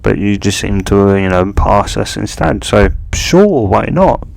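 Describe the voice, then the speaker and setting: A laid-back adult male ninja teacher, as a man puts him on, drawling and unhurried. His voice is low with a gravelly rasp. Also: animated, no echo.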